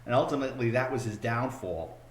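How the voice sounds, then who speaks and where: A middle-aged man chats quickly and casually, prompting his guest with questions. His voice sits in an echoey room with a faint background hiss. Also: mid-range voice. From Bronx, New York. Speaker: podcast host. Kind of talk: casual interview chat.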